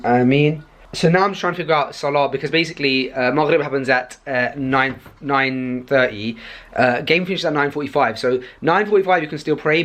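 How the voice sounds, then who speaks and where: A young man, talking to camera in a rambling, excitable vlog style, full of fillers and restarts. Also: mid-range voice. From Pakistani heritage. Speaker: vlogger and podcast host.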